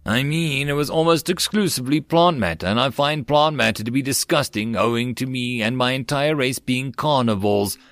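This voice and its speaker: A man voicing a weary, sarcastic male bird-like alien visa clerk in a sci-fi story reading, speaking in a dry, drawn-out way. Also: medium pitch, fairly bright tone, dry recording, natural voice.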